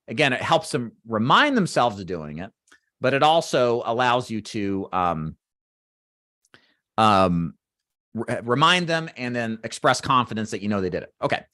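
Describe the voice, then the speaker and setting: A man teaching final expense phone sales, walking trainees through a phone script and acting out sample call lines in a brisk sales voice, with frequent "right?" check-ins. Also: mid-range voice, expressive, bright, forceful tone, dry recording, clean studio sound. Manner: talks straight to trainees, checks in with "right?" and "does that make sense?". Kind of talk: instructional walkthrough of a phone script.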